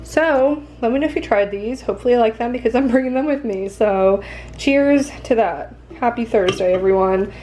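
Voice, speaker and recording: A woman's voice: a little high, moderate pace, mellow. A woman in her twenties talking casually to her camera in a vlog, rambling and laughing often. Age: 20s. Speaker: lifestyle vlogger. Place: apartment and city streets. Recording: echoey room, faint ambient noise.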